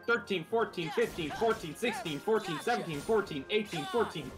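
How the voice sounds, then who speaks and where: A mid-pitched voice belonging to the host's friend, who rants in a sarcastic, profane way during casual chat. Game music plays loudly underneath. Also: expressive, normal speed. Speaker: co-host friend.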